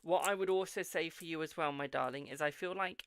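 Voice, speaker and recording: A British man with a slightly high, gravelly voice gives a live-stream tarot reading. He is affectionate and repetitive, calling his viewers darling and echoing his own phrases. The sound is dry and close. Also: brisk, a bit bright. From United Kingdom.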